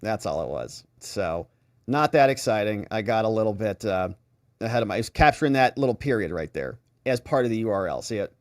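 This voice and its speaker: A man hosting legal commentary, talking casually with a sarcastic, animated manner. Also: on the low side, brisk. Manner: animated, sarcastic, mimics reactions.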